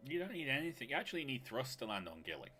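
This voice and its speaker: A man streaming a space game live, excitable and chatty, reading viewer messages aloud. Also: medium pitch, very fast. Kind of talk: live gameplay chat.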